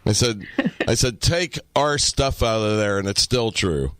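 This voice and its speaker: Here a podcast co-host with a lowish, fairly bright voice speaks in an animated but unhurried way, with no room sound. His casual chat runs on profane storytelling, and he acts out the quotes of others.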